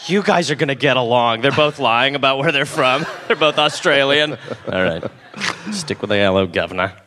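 Bright, sarcastic man cracking jokes. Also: medium pitch, expressive, slight background noise. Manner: sarcastic, quick jokey interjections. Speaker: comedy podcast co-host. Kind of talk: live comedic banter. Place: live show on stage.

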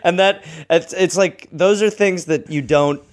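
A man's voice: sits high, unhurried. A man co-hosting a comedy podcast, joking playfully and rambling in casual banter. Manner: playful, rambling, breaks into silly voices. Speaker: podcast co-host.

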